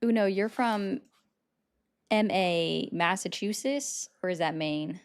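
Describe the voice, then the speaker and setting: A woman hosting a casual live-stream chat, talking in a chatty, sarcastic way with quick asides. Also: medium pitch. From United States. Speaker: host.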